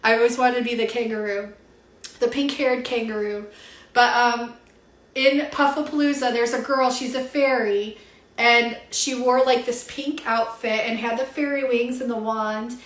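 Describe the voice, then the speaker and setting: A woman's voice: on the high side, normal speed. Chatty young woman, echoey room. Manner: chatty and animated, swears casually, many "like" fillers. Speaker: spiritual reader on a livestream. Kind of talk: casual livestream chat. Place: at home. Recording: roomy echo.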